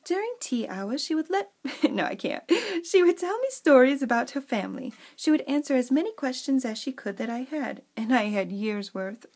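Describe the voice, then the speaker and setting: A woman's voice: fairly high pitch, animated, normal speed, darkish tone. Chatty woman reading a fairy story aloud. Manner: reads story passages with dramatic flair, chatty asides. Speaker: journal crafter showing her work. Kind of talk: casual craft walkthrough with read-aloud story.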